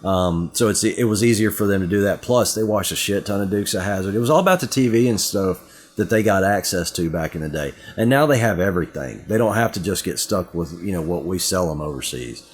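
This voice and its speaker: A man's voice: low-pitched, fairly quick. A middle-aged man with a Southern US accent, co-hosting a podcast in casual chat and telling rambling stories full of asides. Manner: rambling, lively storytelling with many asides. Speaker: podcast co-host.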